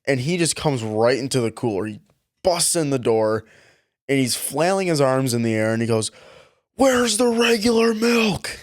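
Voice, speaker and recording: A man's voice: mid-range voice, moderate pace, dry recording, clean studio sound. A young man co-hosting a podcast, telling retail work stories in casual chat, laughing often and acting out customers. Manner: laughing, animated, acts out customers' voices. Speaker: podcast co-host.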